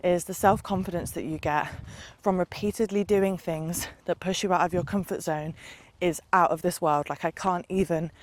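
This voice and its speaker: A woman's voice: on the low side, steady tone, moderate pace, few pauses. A woman vlogger giving an earnest, passionate motivational talk to camera, with long run-on, repetitive sentences. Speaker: lifestyle vlogger. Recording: loud background noise.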